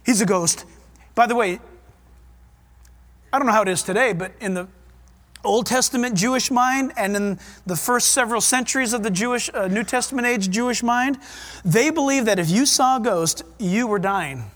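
A man preaching a sermon and reading scripture aloud, fervent and emphatic, with his pace swinging from quick to drawn out. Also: extremely high pitch, fairly bright tone.

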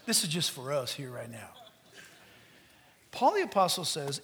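A middle-aged man preaching a sermon as pastor, animated, swinging from loud peaks to hushed asides. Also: fairly high pitch, normal speed, creaky, long pauses, slight background noise.

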